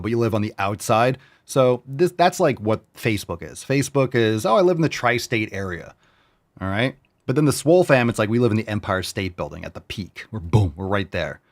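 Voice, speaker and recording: A man in his forties from New York hosting a fitness show, reading viewer meals aloud in a loud, brash, profane, riffing way. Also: fairly low pitch. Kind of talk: casual chat reading viewer posts.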